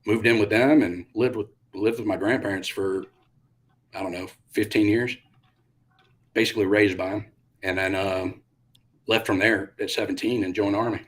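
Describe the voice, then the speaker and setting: Middle-aged male guest, low-pitched, animated storyteller who acts out dialogue. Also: normal speed, pauses often. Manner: animated, acts out quotes with bursts of loudness. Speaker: guest, retired Army pilot. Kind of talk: casual interview storytelling.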